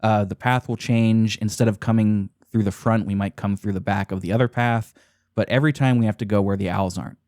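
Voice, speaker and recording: Brief: podcast host, man with a lowish voice, dry close sound, excitable, swears casually. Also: a little fast, dry recording. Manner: enthusiastic, profane, laughs often. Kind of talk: casual game recap chat.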